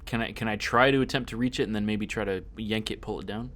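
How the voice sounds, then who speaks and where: A man's voice: lowish voice, fairly even intonation, fast talker, fairly bright tone. A man playing a tabletop role-playing game, thinking aloud and often repeating words as he asks questions. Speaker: player.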